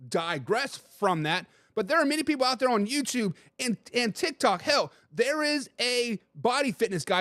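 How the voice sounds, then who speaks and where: A man hosting a casual livestream sports talk show. He rambles loosely and thinks out loud. He often stops to read viewers' chat comments aloud. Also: high-pitched, dry recording, studio quality.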